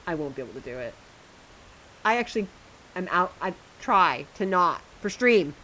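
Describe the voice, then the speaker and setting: A woman's voice: on the low side, very animated, normal speed, long pauses, bright, forceful tone, slight background noise, poor audio. A woman streamer chatting casually to her viewers while she plays a game, chatty and self-mocking, often laughing at herself.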